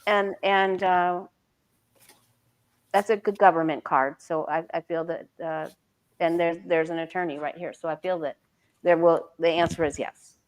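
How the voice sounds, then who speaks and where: Low-pitched woman, emphatic and repetitive, gossipy asides, casual livestream talk. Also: steady tone, normal speed. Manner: chatty and emphatic, repeats phrases, gossipy asides. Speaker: tarot reader, co-host. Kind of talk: casual live-stream chat.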